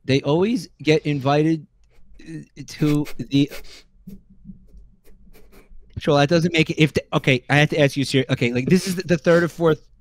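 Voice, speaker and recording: A man on a stream reading out a list of jokes in a weary, deadpan way, sounding exasperated. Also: on the high side, normal speed, long pauses, dry recording. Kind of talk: casual stream chat.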